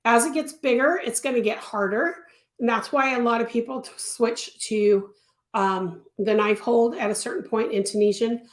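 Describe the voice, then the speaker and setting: A woman's voice: fairly high pitch, normal speed. A woman teaching crochet in a live-stream tutorial, answering viewers in a chatty way and repeating words for emphasis. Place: home craft studio. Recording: echoey room.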